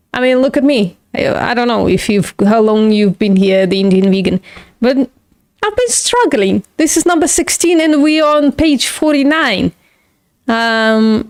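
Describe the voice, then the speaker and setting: A woman's voice: on the high side, darkish tone, clean tone, dry recording, clean studio sound. A woman hosting a live stream, chatting casually with viewers, swearing and laughing at herself. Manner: casual, swears, laughs often, self-mocking. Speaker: livestream host studying logic.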